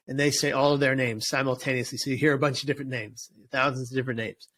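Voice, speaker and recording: A man's voice: mid-range voice, flat delivery, very fast, hardly any pauses, a bit bright. A man speaking as an interview guest and suicide prevention speaker, earnest and emphatic, often restarting and repeating words. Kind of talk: casual interview chat.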